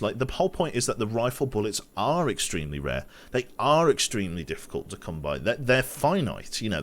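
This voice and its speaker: A man's voice: mid-range voice, a bit bright. A young man with a Brummie accent giving casual, rambling commentary while streaming a survival game, swearing casually and restarting his sentences.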